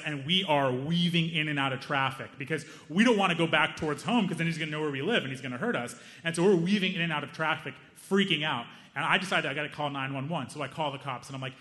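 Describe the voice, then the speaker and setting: A young man doing stand-up comedy, telling a story and acting out the people in it. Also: a little high. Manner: animated, acts out other people's lines.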